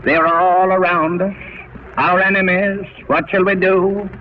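A man's voice: high voice, little pitch movement, unhurried. A man voicing a frightened male servant in a sermon's retelling. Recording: dull, faintly hissy old radio recording.

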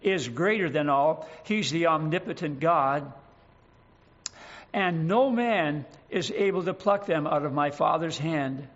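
A man preaching a sermon, earnest and emphatic, slowing down to stress scripture verses. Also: a little high, lively intonation, a bit bright, lo-fi sound.

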